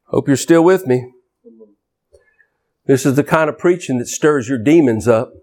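A man preaching a fiery deliverance sermon, forceful and scolding, his voice swinging from loud to low. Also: unhurried.

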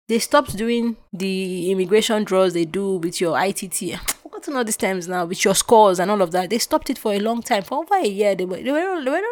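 Animated and emotional, a young woman from Nigeria hosts a podcast and tells a personal story, switching voices to act out each exchange. Her voice sits at a middle pitch and moves from loud bursts to quiet drops. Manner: animated, emotional retelling with acted-out quotes. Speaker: podcast host.

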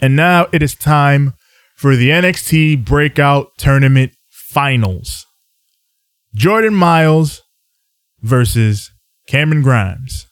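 A man's voice: mid-range voice, expressive, slow pace, dry recording, clean studio sound. Easygoing man recapping a show. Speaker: podcast co-host. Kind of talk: casual wrestling chat.

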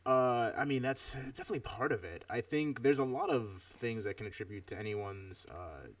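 A man's voice: mid-range voice, expressive, normal speed, no room sound, distant mic. A man in his thirties chatting casually while reviewing a film, reflective and rambling with many fillers. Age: 30s. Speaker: podcast co-host.

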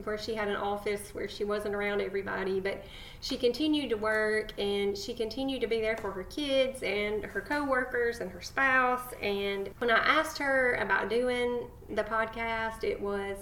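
A woman's voice: mid-range voice, steady tone, moderate pace, fairly bright tone, roomy sound, a little hiss or hum. A woman co-hosting a faith podcast, talking earnestly and affectionately about past guests. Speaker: podcast co-host. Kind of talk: casual faith podcast chat.

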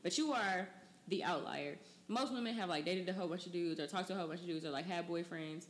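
Young woman podcast host, casual, filler-heavy, lower register. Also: fast. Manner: loose, chatty, many fillers. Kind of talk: casual chat.

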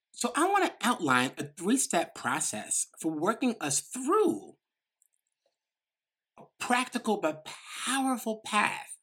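Quick-talking woman with a New York accent. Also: mid-range voice, fairly bright tone, breathy edge. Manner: quick, emphatic, many "like" fillers. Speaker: speaker. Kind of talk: motivational talk.

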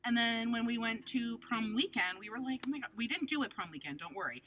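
A woman's voice: a little high, fast, fairly bright tone, a little hiss or hum, rough recording. A young woman from New Jersey, co-hosting a podcast in casual chat, who swears a lot and acts out the people she quotes. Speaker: podcast co-host.

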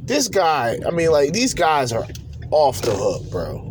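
A man's voice: a little high, big pitch swings, unhurried, noisy background. A man hosting a podcast, ranting bluntly and profanely in slangy talk from his car. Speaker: podcast host.

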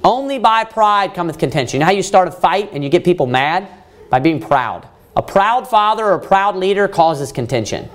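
The pastor's voice sits high with lively intonation, moving at a moderate pace through his sermon. He keeps asking rhetorical questions, restating points, and falling back on "you know" and restarts.

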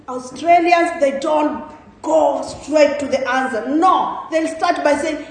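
A woman preaching a sermon in a church, asking rhetorical questions with emphatic rises and soft trailing endings. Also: sits high, a little slow. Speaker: guest preacher. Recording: very echoey church hall.

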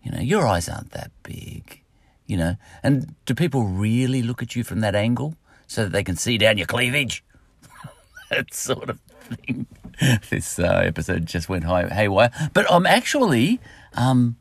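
Rambling man with a gravelly voice. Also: mid-range voice, big pitch swings, moderate pace, no room sound. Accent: Australian. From Australia. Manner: meandering, full of fillers and asides. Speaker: podcast host. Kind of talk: rambling solo podcast monologue.

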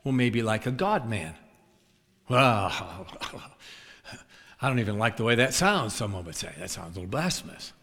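A man's voice: fairly low pitch, normal speed. A man preaching a sermon, telling humorous stories and acting out scenes, with chuckles along the way. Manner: animated, acts out scenes and chuckles at his own stories. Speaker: traveling preacher. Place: large church sanctuary. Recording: long reverb of a large church.

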